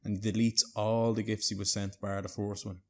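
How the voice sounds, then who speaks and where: A man's voice: on the low side, level tone, brisk. A man telling a prank story casually, rambling and checking in with "right?" and a bit of swearing.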